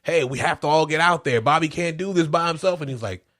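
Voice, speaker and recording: A man co-hosting a casual movie review podcast, talking in an animated, profane way and acting out scenes with laughter. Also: a little high, fast talker. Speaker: podcast co-host reviewing a film. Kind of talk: casual chat.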